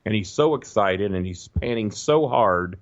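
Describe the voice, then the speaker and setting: A man telling a long, profane, animated story in a casual podcast chat. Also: on the low side, a little slow, no echo, highs cut off. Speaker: guest storyteller.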